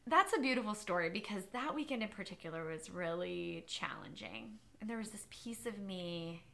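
A woman interview guest talking about running, telling stories in an animated way and often laughing. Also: mid-range voice, normal speed, gravelly. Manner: animated storyteller, laughs often, many restarts. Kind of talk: casual interview conversation.

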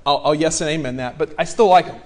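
High-voiced pastor guy in his 40s, animated, jokey, acts out his story. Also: quick pace. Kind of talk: sermon storytelling.

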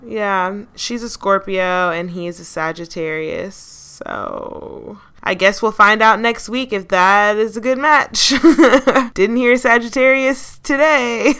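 A woman's voice: lowish voice, bright, forceful tone, clear, resonant tone. A woman hosting a casual gossip podcast, chatty and slangy, laughing often and swearing casually. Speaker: podcast host. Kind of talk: casual celebrity gossip chat.

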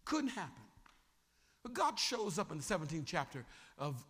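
Casting: lively male bishop preaching, high, bright and gravelly, in an echoing hall. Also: normal speed. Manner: animated preaching, questions the congregation. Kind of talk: sermon.

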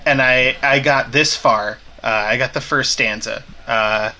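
A male podcast host with a bright, forward voice. He talks in a relaxed, joking way and stretches out his introductions at a middling pitch. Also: slight background noise. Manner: relaxed, jokey, drawn-out intros. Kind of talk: casual podcast chat.

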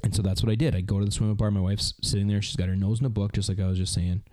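A man's voice: lowish voice, flat delivery, rapid-fire, dark tone, no room sound. A Canadian man in his thirties hosting a podcast, telling a rambling story with lots of fillers in a casual chat. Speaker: podcast host.

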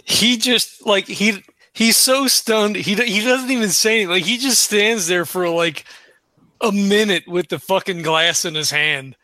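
High bright-voiced excitable player. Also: male voice, unhurried, no room sound. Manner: excitable, profane, acts out his character. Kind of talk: casual tabletop role-play chat.

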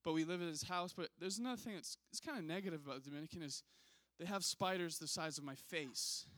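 A male pastor telling a funny story in a sermon, animated and self-mocking, often checking in with the audience. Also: on the high side, quick pace, no room sound.

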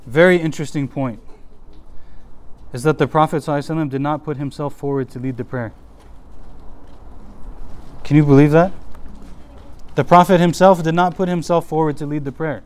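A man's voice: on the high side, steady tone, a little fast, pauses often, a little mellow. A man teaching a class in a casual, chatty way, with lots of restarts and his voice a little worn. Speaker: religious teacher.

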